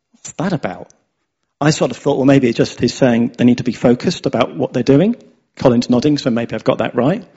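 A man's voice: mid-range voice, warm tone, breathy edge. An English man giving a chatty sermon, often asking his listeners "yeah?" as he tells stories. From England. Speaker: preacher. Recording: dull lo-fi sound.

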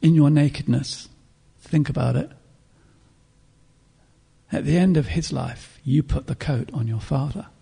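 A man preaching a sermon in an earnest, reflective way, pausing to clear his throat and restart phrases. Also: a little high, lively intonation, warm tone.

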